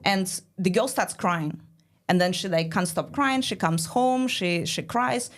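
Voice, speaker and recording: A woman guest on a podcast, explaining ideas in a casual, animated way with many "like" fillers. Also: medium pitch, measured pace. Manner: explanatory, peppered with "like". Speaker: guest, startup studio founder.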